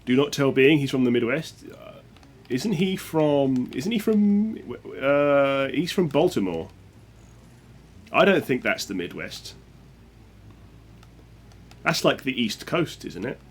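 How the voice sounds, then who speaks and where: At a medium pitch, this speedrunner sounds animated yet unhurried, leaving long pauses. He keeps up casual, joking chat with his viewers while he plays, reading their messages aloud.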